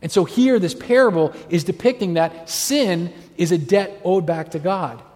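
High-voiced man preaching in a reverberant hall. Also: normal speed. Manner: animated storytelling, acts out quoted voices. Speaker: pastor. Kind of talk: sermon.

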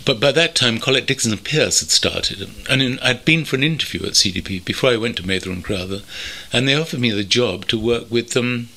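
An older man from North London, reminiscing thoughtfully as an interview guest, pausing often with ums. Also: medium pitch, lively intonation, pushed and bright. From North London, England. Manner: thoughtful, measured, with many pauses and ums. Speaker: interview guest, veteran copywriter. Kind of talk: reflective reminiscing. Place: country home.

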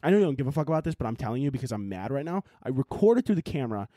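A man's voice: medium pitch, very animated, very fast, dark tone, no room sound, studio quality. A young man hosting a solo podcast, ranting in an exasperated, rambling, profane way. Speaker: podcast host. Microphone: laptop and camera audio.

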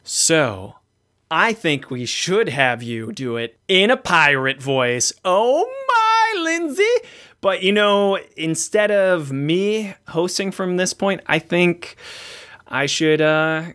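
A man hosting a podcast, chatting casually in a playful, teasing, animated way. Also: on the high side, takes it slowly, clear, resonant tone. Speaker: podcast host.

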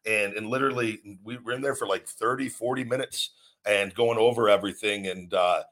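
A man with a low voice talks at length in a motivational podcast. He is earnest and wanders through his points, often restarting a sentence before finishing it. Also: fairly even intonation, brisk, fairly bright tone. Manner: rambling, earnest, many restarts. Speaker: podcast host, former wrestler.

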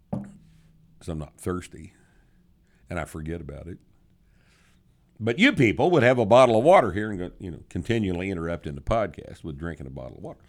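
Blunt, deep-voiced man giving gruff advice. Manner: blunt, profane, sardonic, with drawn-out emphasis. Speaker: podcast host answering listener questions. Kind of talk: casual podcast advice.

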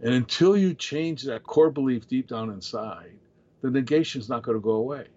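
Husky man explaining in coaching tone. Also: medium pitch, lively intonation, moderate pace, warm tone, muffled recording. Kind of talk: casual podcast conversation.

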